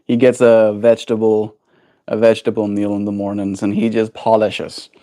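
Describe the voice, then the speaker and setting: A young man streaming casually from home, chatting and slipping into high sing-song baby talk with his pet bird. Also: little pitch movement, moderate pace, dark tone. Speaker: daily livestreamer. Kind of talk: casual chat. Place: home, indoors.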